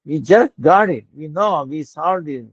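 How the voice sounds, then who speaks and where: Male preacher, slow gravelly storytelling, chuckly, muffled dry audio. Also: fairly high pitch, lively intonation, no echo. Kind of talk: devotional storytelling sermon. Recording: dull lo-fi dry recording.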